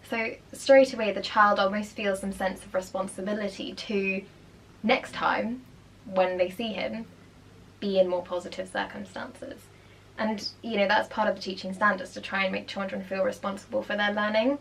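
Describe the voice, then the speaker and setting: A woman's voice: mid-range voice, normal speed. A young woman, a primary school teacher chatting casually as she reacts to a school documentary and explains teaching techniques. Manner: chatty, explanatory, animated asides.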